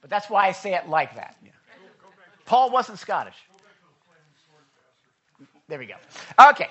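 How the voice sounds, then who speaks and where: Male pastor, emphatic and conversational sermon, bright tone, muffled lo-fi church recording. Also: sits high, sing-song, a little slow, long pauses, breathy edge. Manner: conversational, emphatic preaching with asides to the congregation. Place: church sanctuary.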